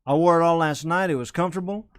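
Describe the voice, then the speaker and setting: A man's voice: a little high, fast talker, clean tone, no room sound, studio quality. Rambling hype-man comedian, man. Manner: rambling, self-correcting, salesman-like hype with asides. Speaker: host of a comedy web show. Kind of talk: rambling comedic live-stream chat.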